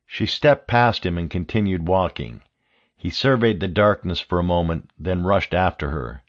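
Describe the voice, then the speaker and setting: A man narrating an audiobook thriller in a steady, measured reading. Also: deep voice, muffled recording. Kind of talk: scripted narration.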